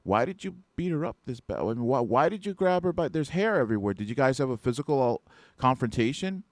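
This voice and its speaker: A man's voice: mid-range voice, very animated, quick pace, no room sound, voice pushed up, lightly acted. A man voicing a skeptical male police officer who questions a security guard in an exasperated tone.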